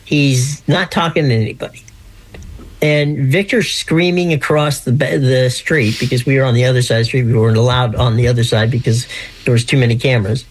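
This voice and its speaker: A man's voice: mid-range voice, steady tone, fairly quick. A man in his sixties, originally from Pennsylvania, telling rambling stories as a guest over the phone, full of restarts and little laughs. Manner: rambling storyteller, many restarts, laughs often. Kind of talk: casual chat. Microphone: phone line.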